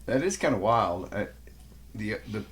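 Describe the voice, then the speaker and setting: A man with a fairly low voice hosts a relaxed podcast conversation. He is chatty, quick to agree and keeps the talk moving. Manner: chatty, agreeing, playful mimicry. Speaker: podcast host. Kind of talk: casual chat.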